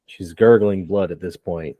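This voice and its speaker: A man running a tabletop game as game master, narrating with relaxed banter and frequent laughs. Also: low voice, unhurried, narrow, tinny audio.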